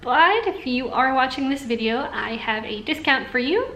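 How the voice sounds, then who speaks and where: Upbeat young woman vlogging, higher voice. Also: animated, normal speed, pushed and bright, echoey room. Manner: upbeat, chatty, laughs often. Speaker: language-learning YouTuber. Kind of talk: casual talk to camera. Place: room indoors in Singapore during a thunderstorm.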